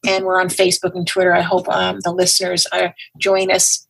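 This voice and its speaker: A woman's voice: fairly quick, vocal fry, breathy edge, low-quality recording. A woman guest in a casual interview, telling a story and acting out the dialogue with big jumps in her voice. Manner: animated, acts out quoted dialogue with big pitch jumps. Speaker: guest, patient advocate.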